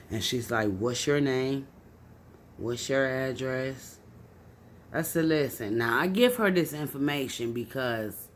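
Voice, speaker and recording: Raw, profane woman telling her story. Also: slight background noise. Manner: raw, profane, swings from low and subdued to loud and angry. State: tipsy from drinking. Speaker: vlogger. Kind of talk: emotional personal storytelling.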